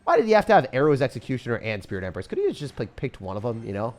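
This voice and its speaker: Excitable man commentating a game. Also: medium pitch, racing. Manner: excitable, swings from mutters to shouts; casual slang, laughs often. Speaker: gaming commentator. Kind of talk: live gameplay commentary.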